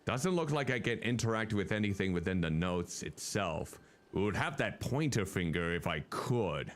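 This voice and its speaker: A man's voice: fairly low pitch, animated, normal speed. A male streamer giving chatty, casual commentary while playing a game and thinking aloud.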